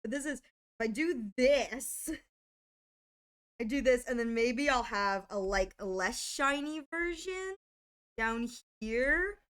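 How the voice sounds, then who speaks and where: A woman with a high voice chats casually with her viewers while she draws on a live stream. She talks to chat as she works and keeps dissolving into helpless giggles. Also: expressive, takes it slowly, fairly bright tone, smooth.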